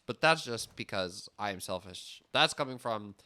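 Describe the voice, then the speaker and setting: Bright-voiced young man rambling on stream. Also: on the low side, lively intonation, moderate pace. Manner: rambling, self-interrupting, laughs often. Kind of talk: casual gameplay chat.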